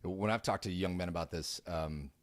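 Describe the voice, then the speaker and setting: A man's voice: low voice, moderate pace, no echo. A man co-hosting a casual podcast, prompting the talk with questions and points. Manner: prompting, steers the conversation with questions. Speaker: podcast co-host.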